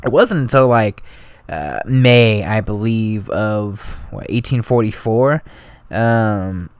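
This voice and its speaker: Smooth-voiced, slangy man hosting a podcast. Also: on the low side, animated, takes it slowly, no echo. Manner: slangy, loose, full of fillers and asides. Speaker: podcast host. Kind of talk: casual history podcast talk.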